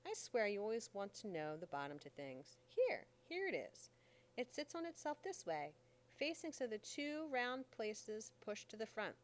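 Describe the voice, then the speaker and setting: A woman reading an audiobook voices a calm, plain-spoken grown man who escaped once and came back to teach. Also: high-pitched, moderate pace. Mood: patient.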